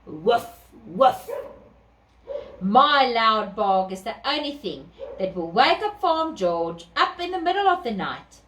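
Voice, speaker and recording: A woman's voice: fairly high pitch, very animated, a little slow, few pauses, a bit bright, a little hiss or hum. A woman voicing a loyal, self-satisfied male farm guard dog in a storybook reading. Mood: proud. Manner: boastful, barking woofs. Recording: echoey room, distant mic.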